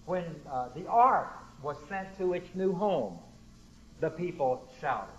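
A man's voice: fairly high pitch, very animated, slow. A man preaching a sermon to a church congregation, quoting scripture with strong emphasis and putting questions to the room. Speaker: pastor. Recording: dull lo-fi sound.

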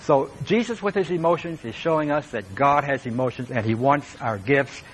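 A man's voice: medium pitch, normal speed, slight background noise, rough recording. A man preaching a sermon as pastor, speaking earnestly and with emphasis, and turning now and then to talk straight to his listeners.

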